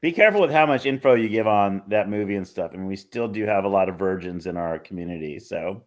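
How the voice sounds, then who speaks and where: A man with a lowish voice who cuts in on a casual stream chat now and then. His remarks are short and dry, and he keeps a flat, even delivery. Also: fast.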